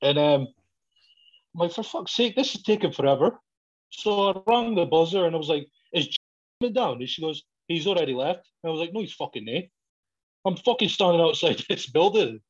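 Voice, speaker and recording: A man's voice: expressive, fairly quick, husky. A man telling a story in casual chat, swearing often and laughing as he goes. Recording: dull, low-fidelity recording.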